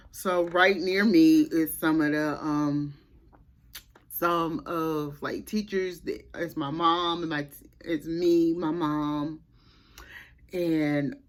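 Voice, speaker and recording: A woman vlogger telling a personal story in a casual, chatty way, full of restarts and asides to her viewers. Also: deep voice.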